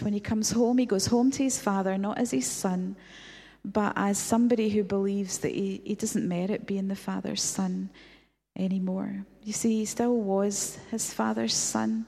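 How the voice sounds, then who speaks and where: A woman's voice: mid-range voice, fairly even intonation, measured pace, vocal fry, warm tone, breathy edge. A woman preaching a reflective sermon, retelling a story with rhetorical questions. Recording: long hall reverb.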